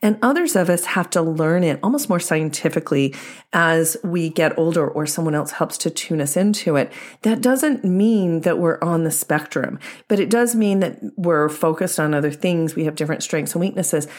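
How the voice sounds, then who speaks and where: A woman dating coach speaking a podcast monologue in a steady, explanatory and measured way. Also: sits low.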